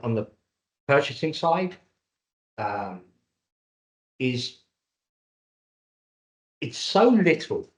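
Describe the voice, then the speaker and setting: A man from Cyprus and Britain presenting a live webinar over a video call, jokey and salesman-like. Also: mid-range voice. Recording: dull lo-fi webinar audio.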